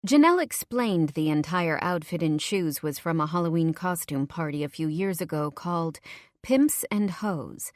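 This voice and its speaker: A woman reading a first-person audiobook in a measured, low-key way. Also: no echo, studio quality. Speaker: audiobook narrator.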